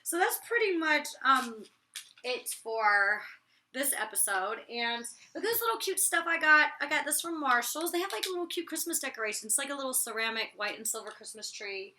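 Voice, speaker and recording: A chatty, giggly woman talking to her viewers in a casual vlog, with a very bright, sharp voice that sits a little high. She rambles animatedly and laughs often. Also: animated, moderate pace. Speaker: vlogger. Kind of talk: casual reality TV recap vlog.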